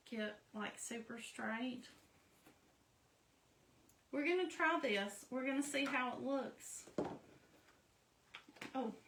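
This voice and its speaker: A craft vlogger chats casually and pokes fun at herself while explaining each step of a craft project as she works. Her voice sits high and is a bit bright, recorded in an echoey room from a distant mic, slightly off-mic.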